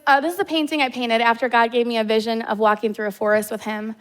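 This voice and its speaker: Woman in her 30s, Midwestern American accent, preaching from the stage, heartfelt and storytelling, slightly higher voice. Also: steady tone, fast, few pauses, smooth. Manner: heartfelt storytelling with casual fillers. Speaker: guest preacher. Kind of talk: personal sermon. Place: church stage.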